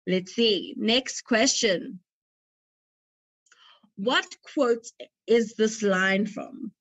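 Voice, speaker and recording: A woman's voice: on the high side, very slow, a bit bright, no room sound. A young woman hosting a movie quiz, reading out questions and multiple-choice options and chatting between them with a light, joking manner. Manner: chatty, laughs at her own jokes. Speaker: quiz host. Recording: dull dry lo-fi recording.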